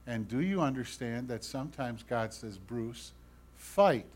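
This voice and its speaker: A pastor preaches a sermon at a medium pitch and normal speed, earnest and pleading. He swings between loud emphasis and hushed asides, putting questions directly to his listeners.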